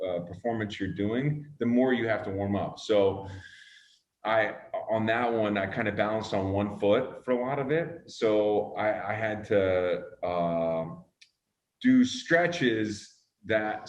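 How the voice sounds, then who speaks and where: A man's voice: on the low side, reverberant, slight background noise. A man being interviewed as a guest, talking thoughtfully with many fillers and restarts and some casual swearing. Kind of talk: relaxed conversational interview.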